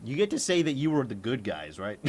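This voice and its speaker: A man's voice: mid-range voice, wildly swooping pitch, normal speed, a little mellow. A man from Maine streaming casually, blunt and profane, laughing often and breaking into incredulous outbursts. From Maine, United States. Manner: exclamatory, with sudden incredulous outbursts. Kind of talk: casual reaction commentary.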